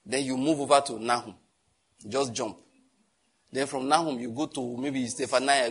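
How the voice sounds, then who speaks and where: A man's voice: on the high side, normal speed, long pauses, breathy edge. A middle-aged man preaching a sermon, telling stories and acting out the people in them. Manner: animated storytelling, acts out quoted exchanges. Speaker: pastor.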